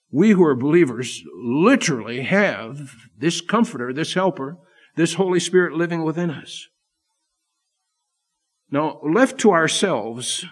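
Emphatic preaching man, fairly high voice. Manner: emphatic preaching, swings between loud and soft. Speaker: pastor. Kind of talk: sermon. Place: church.

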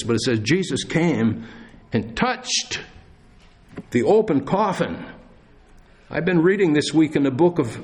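A pastor preaching a sermon in church, earnest, slowing down and pausing for emphasis. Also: male voice, medium pitch. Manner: earnest preaching with dramatic pauses and slowed emphasis.

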